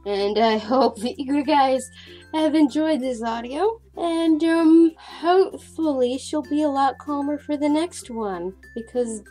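A young woman with a slightly high voice, recorded on a home desktop mic. She chats to her viewers in a loose, rambling way, laughing often and jumping off into high-pitched asides. Quiet background music plays beneath her. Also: slow. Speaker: art channel creator. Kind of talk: casual voice-over chat to viewers. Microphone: desktop mic, recording audio at home. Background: soft background music.

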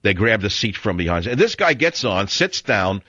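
A man's voice: fairly low pitch, very animated, normal speed, few pauses, bright, forceful tone, no room sound. Ranting male radio host, dull dry sound. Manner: ranting, sarcastic, digressive. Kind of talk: opinionated radio monologue.

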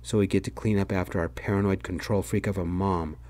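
A man voicing a blunt, exasperated adult brother in a soft-spoken whispered role-play. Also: low-pitched, steady tone, brisk, natural voice. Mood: fed up.

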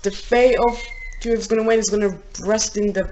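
A young man with a British accent, casually commentating on toy battles in a rambling, excitable way, laughing often, at home. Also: high voice, fairly quick, highs cut off, a little hiss or hum. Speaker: Beyblade channel host. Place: home room, family upstairs.

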